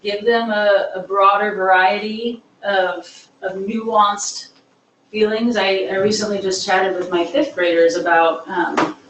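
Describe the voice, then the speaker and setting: An instructor on trauma-informed teaching leads a classroom discussion, explaining earnestly with everyday examples. Her medium-pitched voice is level, slow and a bit bright. The room is echoey, she sounds far off, and there's a little hiss or hum.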